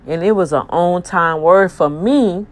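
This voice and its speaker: Low-voiced woman radio host. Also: unhurried. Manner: effusive, preachy, gospel-flavored exclamations. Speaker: online radio show host. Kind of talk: casual talk with listener shout-outs.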